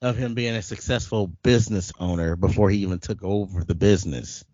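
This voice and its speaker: Low-voiced man telling a story. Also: a little fast, no echo, muffled recording. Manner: animated storyteller, repeats words, laughs often. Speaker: podcast co-host. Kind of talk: casual storytelling chat.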